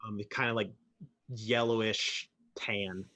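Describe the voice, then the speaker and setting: A man playing a tabletop game, describing his character's actions in a relaxed, searching way. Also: lowish voice, slow. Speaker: player.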